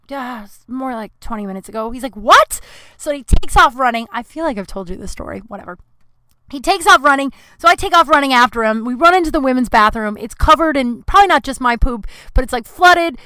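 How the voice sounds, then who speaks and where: A woman's voice: fairly high pitch, sharp tone, clean tone, no room sound. A woman hosting her podcast, telling a rambling, profane, self-deprecating story in a casual monologue. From Colorado. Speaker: podcast host.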